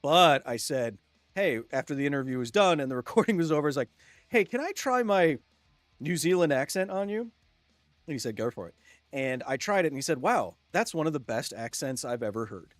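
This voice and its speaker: Male streamer, relaxed chatty delivery, dry booth sound, faint guitar bed behind. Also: fairly high pitch, fairly quick, no room sound. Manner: chatty, jokey, reads chat aloud and laughs often. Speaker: gaming livestream host. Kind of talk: casual live-stream chat.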